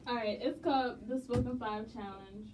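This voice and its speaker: A woman's voice: fairly high pitch, steady tone. A woman hosting a casual interview, asking short questions and fighting off giggles. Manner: slow, giggly, short prompts. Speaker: interview host. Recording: distant mic with faint noise.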